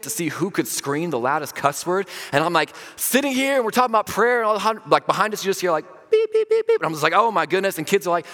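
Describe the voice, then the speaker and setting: Animated young pastor in a big reverberant hall. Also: male voice, on the high side. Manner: animated, self-deprecating storytelling with laughs and acted-out quotes. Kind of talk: storytelling sermon. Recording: long reverb of a large hall.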